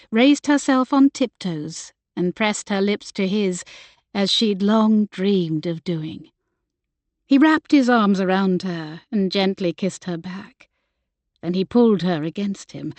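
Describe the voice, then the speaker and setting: A woman narrating a historical romance audiobook in a gentle, measured way. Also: medium pitch, no echo. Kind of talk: scripted narration.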